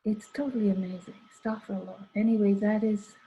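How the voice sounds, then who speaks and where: Fairly quick and level in tone, this older woman's mellow, medium-pitched voice carries a wandering personal tale full of side remarks and quoted conversation. The sound quality is dull and lo-fi.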